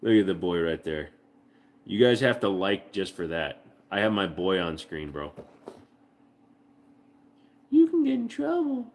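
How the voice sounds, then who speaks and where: A man's voice: low-pitched, moderate pace. A man hosting a casual livestream from home, joking with profanity and cooing baby talk to his dog. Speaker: livestream host.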